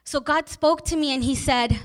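A woman's voice: high voice, moderate pace. A young adult woman pastor preaching a sermon, telling personal stories in an earnest, emotional way.

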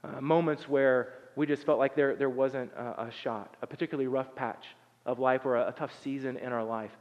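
A man preaching a sermon in a relaxed, conversational way, with many fillers and restarts. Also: mid-range voice, fairly quick. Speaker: pastor. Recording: dull sound with long hall reverb.

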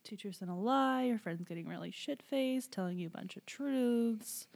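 A woman co-hosting a casual chat, with quick and playful responses. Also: a little high, animated, creaky, a little mellow. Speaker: podcast co-host.

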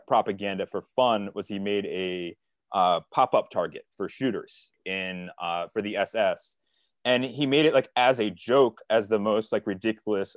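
A man with a low voice talks through a book in a relaxed podcast chat. He speaks earnestly and rambles a little, retelling scenes in his own words. The sound is dry and close, with no room around it. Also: no room sound. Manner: earnest, rambling, quotes characters in paraphrase. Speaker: co-editor and podcast co-host. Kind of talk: casual literary discussion.

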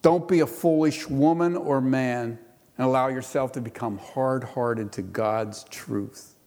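A middle-aged man preaches to his church, reading scripture aloud before unpacking it in a relaxed, conversational voice. His speaking pitch sits in an ordinary middle range. A long reverb from the hall trails after his words. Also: unhurried. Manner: reads scripture then explains it conversationally, with playful voices for quotes. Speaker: pastor. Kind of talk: sermon.

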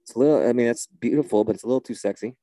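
A man's voice: mid-range voice, very fast, dark tone, no echo. A man leading a church service in a comedy sketch, talking in an exasperated, flustered way and often repeating himself.

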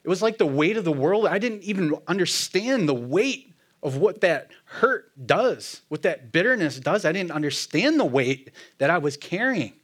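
His voice is sing-song and fairly bright, moving at a normal pace as he tells a personal faith story. This plain-spoken man, self-described as hard-headed, keeps it casual and earnest, laughs frequently, and murmurs low when quoting his friend or himself.

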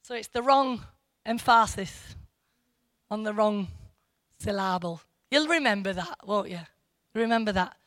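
A woman's voice: medium pitch, unhurried, long pauses, fairly bright tone, dry recording. A woman giving informal Bible teaching to a church group, rambling and correcting herself with asides to her listeners.

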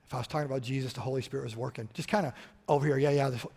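A middle-aged man preaching a sermon, telling stories and switching between loud emphasis and quiet asides. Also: mid-range voice, steady tone, racing, gravelly, breathy edge. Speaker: pastor. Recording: long hall reverb.

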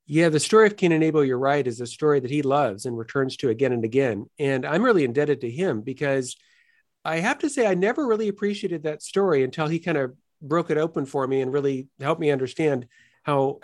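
A man as an interview guest, explaining philosophical ideas in an earnest, lively teaching manner and often checking in with "right?". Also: mid-range voice, brisk.

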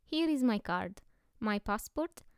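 A woman reading the lines of a mysterious foreign male professor, grave and courteous in an unhurried way. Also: medium pitch, expressive, clear, resonant tone, no room sound, clean studio sound, close to an everyday voice. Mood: composed.

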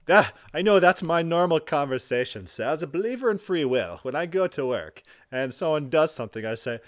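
A man's voice: a little high, sing-song, a little fast, hardly any pauses, faint music behind. A man giving sarcastic rebuttal commentary with mocking, mock-exasperated outbursts.

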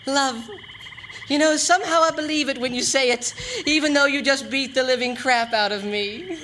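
A woman's voice: sits high, normal speed, pushed and bright, a little hiss or hum. A woman playing a naive, sheltered, polite young man in a comedy sketch, talking earnestly. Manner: earnest, wide-eyed. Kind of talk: radio comedy sketch acting.

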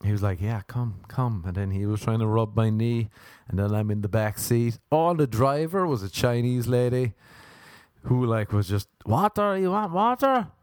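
A young Irish man telling a rambling, animated story. He laughs and jumps up in pitch for emphasis. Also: moderate pace, dry recording, studio quality. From Ireland. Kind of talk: casual storytelling monologue.

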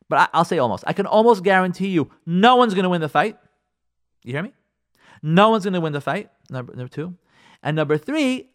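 A man's voice: fairly high pitch, a bit bright. A man who is a rabbi giving earnest marriage advice on a radio talk show, repeating phrases for emphasis.

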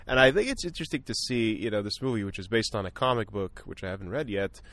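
A man with a lowish voice talks films in a relaxed, unscripted way. He pauses often, restarting sentences with plenty of fillers as he thinks aloud. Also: no room sound. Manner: thoughtful, many fillers and restarts. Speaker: film podcast guest. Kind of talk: casual film discussion.

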